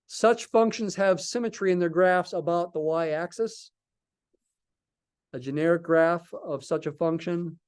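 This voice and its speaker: A man's voice: sits high, fairly even intonation, a little slow, clean tone. A man teaching a live calculus class, thinking aloud and asking and answering his own questions as he goes. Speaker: math lecturer.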